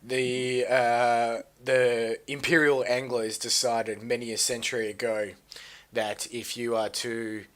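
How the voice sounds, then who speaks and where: A man's voice: mid-range voice, little pitch movement, takes it slowly, a bit bright. A man with an Australian accent hosting a casual live stream, joking crudely and playing the showman. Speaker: stream host.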